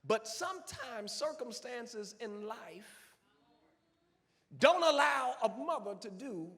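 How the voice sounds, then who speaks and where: A male pastor preaching a sermon dramatically, swinging from hushed tones to shouts. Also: extremely high pitch, expressive, slow. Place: church sanctuary. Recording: long church reverb.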